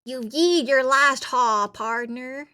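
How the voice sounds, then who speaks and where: A woman's voice: sits high, slow, pushed and bright, voice pushed up, full character voice. A woman putting on a brash Southern belle. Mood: flirty drawl. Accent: put-on Southern US.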